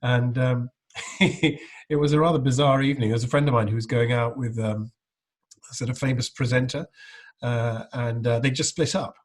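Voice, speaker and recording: Brief: middle-aged male guest, mid-pitched and husky, casual anecdotal chat full of restarts. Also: steady tone, moderate pace. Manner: rambling anecdotes, frequent restarts. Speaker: guest, impressionist.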